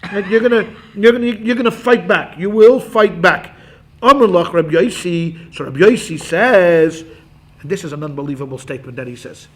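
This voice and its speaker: A man teaching a Talmud class as a rabbi, animated and acting out quotes, quick asides to his students. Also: high-pitched.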